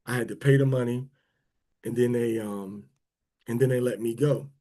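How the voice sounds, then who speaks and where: Man, casual online talk, dark mellow voice, drawn-out emphasis, rambling. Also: mid-range voice, steady tone. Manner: rambling and conversational, with many restarts. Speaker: speaker of a prayer and teaching livestream.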